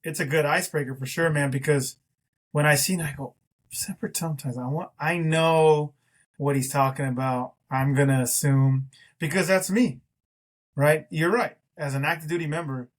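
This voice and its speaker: A man co-hosting a podcast, chatting casually in an emphatic, slangy way. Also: a little high. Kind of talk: casual chat.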